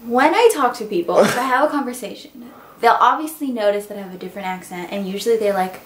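A woman's voice: mid-range voice, quick pace, poor audio. A woman of twenty-one chatting casually to her camera as a vlogger, often laughing. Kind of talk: casual vlog chat.

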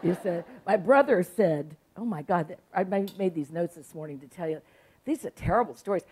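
A woman's voice: on the low side, expressive, a little mellow, husky. Chatty woman in her sixties. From South Carolina. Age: 60s. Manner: chatty, self-mocking, quick to laugh. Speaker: author. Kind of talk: humorous storytelling talk to an audience. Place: public library event.

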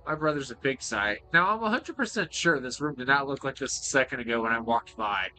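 A man giving excitable, joking playthrough commentary, swearing freely as he plays. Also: mid-range voice, a little fast. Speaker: gaming video creator.

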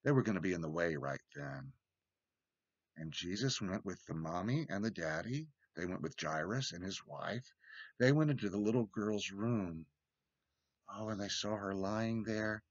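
A man giving a children's sermon in gentle, simple words, reading a storybook aloud. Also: fairly low pitch, moderate pace, no room sound, highs cut off. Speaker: church children's sermon leader. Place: church, recorded remotely.

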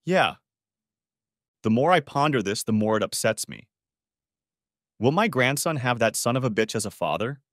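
A man narrates a story in an expressive audiobook style, with a lively, animated pitch over a mid-range voice. The sound is dry and close to the mic. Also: moderate pace, no room sound. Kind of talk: scripted narration.

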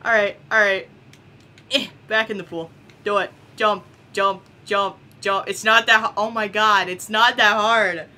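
A young woman casually commenting on a game she is playing, excitable and giggly, swearing often. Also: medium pitch, measured pace. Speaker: gameplay commentator. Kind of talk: casual let's-play commentary.

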